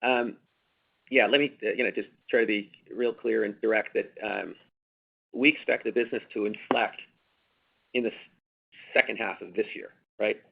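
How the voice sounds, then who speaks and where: A man's voice: lowish voice, fairly even intonation, normal speed, creaky, long pauses. A man, a company executive, answering analysts on an earnings call, rambling with many fillers and restarts and hammering points through repetition. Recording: tinny phone line.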